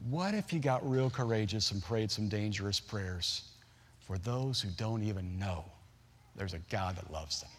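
Animated pastor in his forties, hall echo. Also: fairly low pitch, moderate pace. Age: 40s. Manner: animated storyteller, acts out voices of his family. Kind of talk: sermon with storytelling. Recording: long hall reverb.

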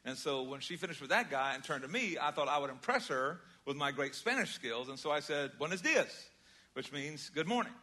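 An older man preaching a sermon, conversational and storytelling, moving between loud emphasis and quiet asides. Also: on the high side, lively intonation, brisk, few pauses. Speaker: pastor.

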